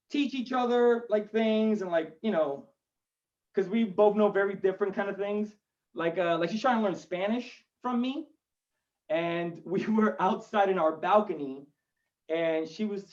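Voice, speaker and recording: A man's voice: high voice, a little mellow, distant mic, highs cut off. A male stand-up comedian doing a chatty, rambling set from his home over a video call, with self-deprecating asides. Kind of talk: stand-up set for an online show.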